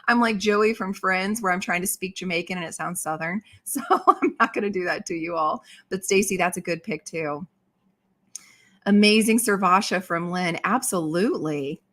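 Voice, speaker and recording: A woman's voice: medium pitch, fairly bright tone. A woman in her thirties hosting a livestream and reading viewer comments in casual chat, bubbly and exclamatory, laughing often. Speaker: livestream host.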